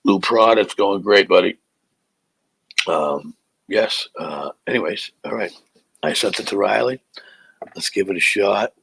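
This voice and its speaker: A man's voice: low-pitched, measured pace, creaky, pauses often, a bit bright, slightly rough, no room sound, poor audio. A middle-aged man, hosting a live podcast as a comic and telling stories in a rambling, stop-start way. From Boston area, USA. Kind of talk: casual live podcast chat.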